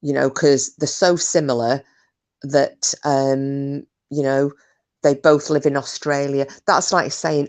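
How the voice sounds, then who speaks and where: A woman's voice: very deep voice, fairly even intonation, slow pace, darkish tone. A woman hosting a live stream, chatting casually, reading out comments and talking bluntly with plenty of swearing. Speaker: livestream host.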